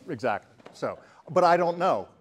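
A man's voice: fairly high pitch, lively intonation, moderate pace. An older man giving a casual presentation to a live audience, chatty and joking, bantering with the crowd. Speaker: talk presenter.

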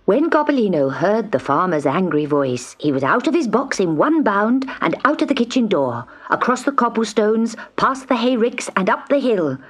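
Husky woman reading a storybook tape. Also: mid-range voice, moderate pace, few pauses. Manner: gentle, expressive storytelling. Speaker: narrator.

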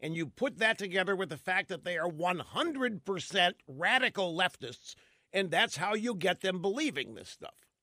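Animated, combative male talk host. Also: sits high, moderate pace, no room sound, studio quality. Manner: animated, combative, rhetorical questions. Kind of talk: opinionated monologue.

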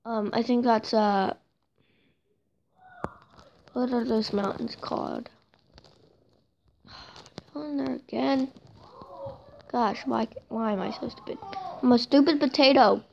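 Woman, casual gameplay commentator; higher voice with vocal fry; rambling, self-deprecating; muffled lo-fi home recording. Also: steady tone, slow, long pauses, darkish tone, slight background noise. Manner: chatty, self-mocking, often apologizing. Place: home room with noisy brothers and a cat.

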